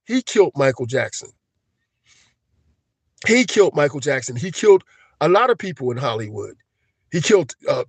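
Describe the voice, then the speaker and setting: A man ranting on a live stream, agitated and profane, swinging between shouting and low, emotional muttering. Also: dry recording. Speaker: livestream host.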